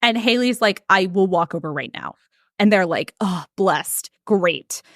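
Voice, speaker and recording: A woman's voice: mid-range voice, unhurried, dry recording, studio quality. A woman podcast host telling a story in casual chat, acting out what each person said. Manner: animated retelling with quoted voices and frequent "like".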